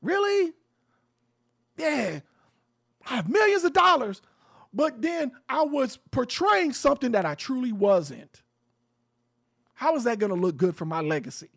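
A man's voice: extremely high pitch, sing-song, a little slow, gravelly, pauses often, a bit bright. A man who hosts a radio show, giving passionate social commentary in an emphatic, preachy way and swearing freely. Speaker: radio show host, guest on a podcast.

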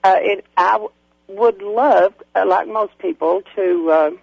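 A woman phoning in to a talk show, her voice hoarse and scratchy. It has a gravelly, rough edge and sounds close and dry. She muses reflectively and breaks into laughter often. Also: mid-range voice, unhurried, a little mellow, no echo, lo-fi sound. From Kentucky. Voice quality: scratchy, raspy. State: hoarse from a lingering cold. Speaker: caller. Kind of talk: casual phone-in chat.

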